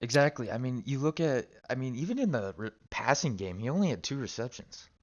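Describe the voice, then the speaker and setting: A man's voice: medium pitch, animated, a little fast, highs cut off. A man co-hosting a casual sports talk show, rambling and cursing freely, with lots of restarts. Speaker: sports podcast co-host. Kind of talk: casual chat.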